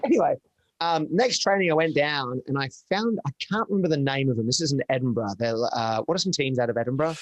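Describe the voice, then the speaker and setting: A man in his forties, a podcast guest telling rambling, animated stories with quick laughs, on a close, dry microphone. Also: on the high side, no echo. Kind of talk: casual storytelling chat.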